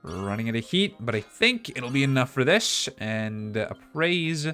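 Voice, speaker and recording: A man's voice: mid-range voice, very animated, measured pace, fairly bright tone. A man streaming a video game, talking casually and chatting as he plays. He pokes fun at himself along the way. Faint game music runs underneath. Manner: chatty, self-mocking. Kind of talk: casual gameplay commentary.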